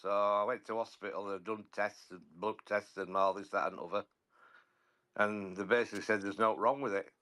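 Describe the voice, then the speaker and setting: A man chatting about football on a podcast, often halting and repeating words as he talks. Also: lowish voice, fairly even intonation, pushed and bright. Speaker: podcast regular, football fan. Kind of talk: casual football chat.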